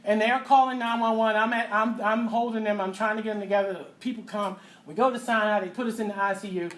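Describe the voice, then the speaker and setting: A middle-aged woman, telling a personal story as a mother. She talks in a lively way, acting out voices and sound effects with loud bursts. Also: mid-range voice, quick pace, a little hiss or hum. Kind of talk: animated storytelling to an audience.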